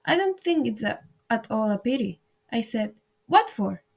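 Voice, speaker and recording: A woman's voice: a little high, very animated, moderate pace, gravelly, heavily acted. A woman reading an audiobook, voicing a polite but plucky young girl in a raised, youthful tone.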